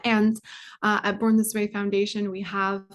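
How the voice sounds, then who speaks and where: Young adult woman, interview guest; earnest, halting, filler-heavy delivery. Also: medium pitch, completely flat delivery. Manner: heartfelt, many fillers and restarts. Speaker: guest, foundation communications manager. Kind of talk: casual interview answer.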